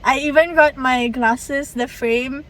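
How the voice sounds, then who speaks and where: A young woman with a Malaysian English accent, talking to camera in a chatty, expressive vlog. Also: high-pitched, takes it slowly. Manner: chatty and expressive, swings between mumbled and excited. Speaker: vlogger. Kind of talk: casual vlog talk to camera.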